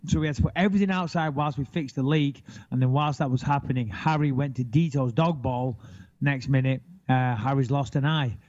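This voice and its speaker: A man in his thirties chatting casually as a podcast co-host, blunt and animated, with plenty of swearing. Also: mid-range voice, fairly quick, muffled recording. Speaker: podcast co-host, retired fighter. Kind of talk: casual chat.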